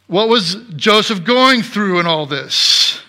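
Bright-voiced preaching man. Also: high voice, takes it slowly. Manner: animated preaching, swings from loud emphatic to soft. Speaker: pastor. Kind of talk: sermon.

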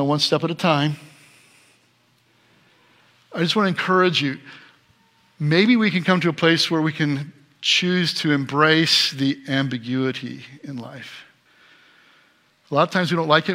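A middle-aged man preaching a sermon as pastor, swinging between loud emphatic passages and soft quiet ones. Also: fairly high pitch, moderate pace, pauses often.

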